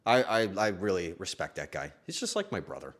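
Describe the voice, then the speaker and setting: Lively emotional young male streamer. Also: low-pitched, a little fast. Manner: emotional, swears often, swings from loud to hushed. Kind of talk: casual stream chat.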